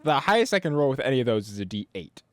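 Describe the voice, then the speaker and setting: A man playing a tabletop game, speaking hesitantly and haltingly as he works out his moves. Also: mid-range voice, sing-song, dry recording, clean studio sound. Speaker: player.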